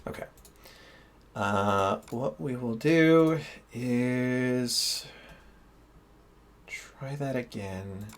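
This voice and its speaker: A man's voice: medium pitch, extremely slow, pauses often. A man developer thinking aloud while testing his game on a live stream, often laughing. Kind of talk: casual live-stream commentary while playing.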